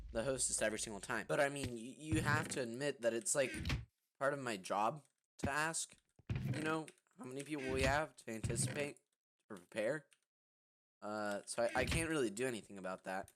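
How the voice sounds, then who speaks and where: A man's voice: mid-range voice, normal speed. A young man telling a story casually while gaming, rambling with lots of fillers and restarts. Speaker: vlogger. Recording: noisy recording with clicking.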